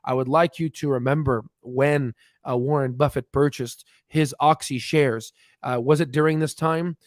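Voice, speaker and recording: Brief: man, mid-pitch, dry close sound, rapid chart-walkthrough teacher, lots of "uh"s. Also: fairly even intonation, dry recording. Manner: many fillers and restarts, talks fast on purpose. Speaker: stock market educator. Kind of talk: chart walkthrough, casual explainer.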